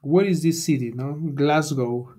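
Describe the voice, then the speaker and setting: A man leads a beginner English class in a call-and-repeat drill. His voice sits a little high, and he speaks slowly, stressing each word so students can echo it back. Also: dark tone. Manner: enunciates each word for learners to repeat, rising on prompts. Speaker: English teacher.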